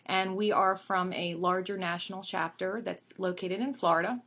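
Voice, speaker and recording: A woman's voice: medium pitch, steady tone, normal speed, a bit bright. A woman in her thirties, telling a joke and then chatting playfully about herself and her work. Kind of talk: storytelling to an audience.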